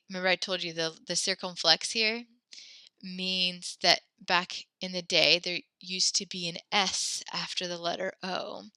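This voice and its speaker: In a dry recording, a woman with a fairly low, pushed, bright voice and a clear, resonant tone teaches a French vocabulary lesson. Her classroom delivery is chatty and digressive, full of fillers and self-corrections.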